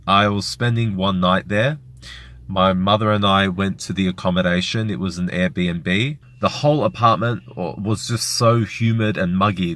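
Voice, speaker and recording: A man's voice: deep voice, a bit bright. A man vlogging, retelling a frightening personal experience in a rambling, emotional way with many fillers. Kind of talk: personal story vlog.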